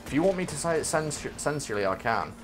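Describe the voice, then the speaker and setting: Brief: man, mid pitch, dry teasing co-op gamer, faint music under. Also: big pitch swings, quick pace. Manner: dry teasing, stubborn mock arguing. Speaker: co-op game player. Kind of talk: casual gaming banter.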